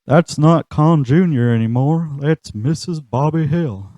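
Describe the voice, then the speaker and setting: Hank Hill, as a man puts him on, higher and louder. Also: a little slow, no room sound, lightly acted. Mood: scandalized. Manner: exclaiming, prim and flustered. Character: uptight middle-aged cartoon dad, easily scandalized.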